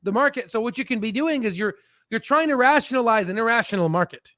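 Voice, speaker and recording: A man hosting a casual stock market livestream, animated and swearing, with stammering restarts. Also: very high-pitched, fast talker, no echo, studio quality.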